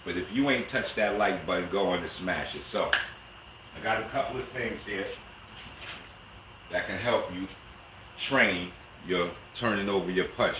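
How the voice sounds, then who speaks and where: Deep-voiced man coaching in an echoey room. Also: normal speed, bright, forceful tone, a little hiss or hum. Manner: casual, streetwise, coaxing viewers to like. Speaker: martial arts instructor. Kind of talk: livestreamed training lesson. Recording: echoey room, mic at a distance.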